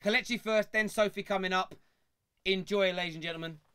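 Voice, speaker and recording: A man's voice: high-pitched, clean tone. A man hosting a live football fan phone-in show, joking and mocking a troll caller. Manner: lively, quick to mock callers. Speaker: host.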